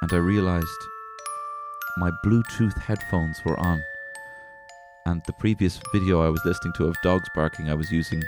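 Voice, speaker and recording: A male podcast co-host telling a comic story deadpan, with sudden loud outbursts. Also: deep voice, moderate pace, music in the background.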